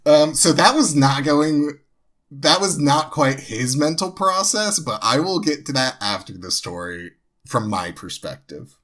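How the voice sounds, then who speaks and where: Man, young adult, from New Jersey, podcast co-host, casual storytelling, rambling, slow-paced. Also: a little high, animated, fairly bright tone. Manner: rambling, full of fillers and restarts.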